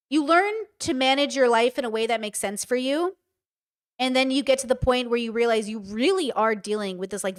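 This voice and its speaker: A woman's voice: on the high side, fairly bright tone, clean tone. A woman in her thirties hosting a casual livestream, talking candidly and swearing freely as she answers her chat. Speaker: streamer host.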